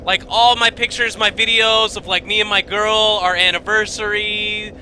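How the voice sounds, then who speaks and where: Young male streamer, high bright voice, rambling swear-heavy story, desk mic at home with light hiss. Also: moderate pace, low-quality recording. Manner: rambling, animated, swearing, many fillers and restarts. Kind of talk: casual storytelling to stream viewers. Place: home basement room.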